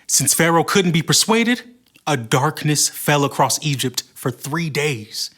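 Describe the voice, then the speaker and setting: A man narrating a scripted Bible story for children in an expressive way. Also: a little high, unhurried.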